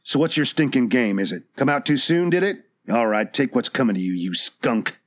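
A man's voice: mid-range voice, expressive, normal speed, natural voice. A man voicing a hot-tempered, suspicious prospector in an audiobook, with a sneering, snarling manner. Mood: furious.

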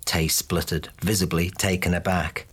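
A man narrating a fantasy audiobook in a steady, even way. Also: low voice, normal speed, breathy edge.

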